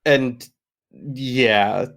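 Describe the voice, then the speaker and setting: Man, tabletop player, mid pitch, rambling, many fillers. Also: very slow, creaky, fairly bright tone. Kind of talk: casual tabletop game chat.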